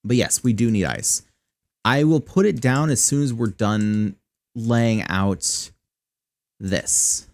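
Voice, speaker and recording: A man's voice: on the low side, takes it slowly. A man chatting wryly through casual live gameplay commentary, swearing when annoyed, on a close desk mic run through a voice changer app. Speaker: streamer.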